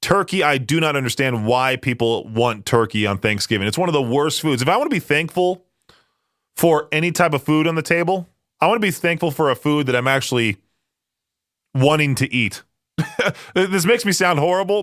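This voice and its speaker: A man's voice: a little high, lively intonation, normal speed, fairly bright tone, no room sound, clean studio sound. A young man from Idaho hosting a rock radio show, chatting casually and rambling, often laughing. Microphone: studio microphone.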